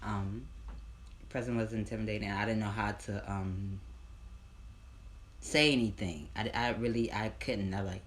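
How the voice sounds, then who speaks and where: A man telling a casual storytime, rambling and repeating himself, with loud bursts of excited disbelief. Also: fairly low pitch, a little slow, long pauses, slight background noise.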